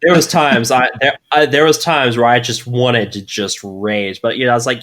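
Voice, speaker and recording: A man's voice: mid-range voice, fairly even intonation, normal speed, hardly any pauses, fairly bright tone. Enthusiastic rambling male podcast guest. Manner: enthusiastic, rambling, lots of fillers. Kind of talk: casual podcast chat.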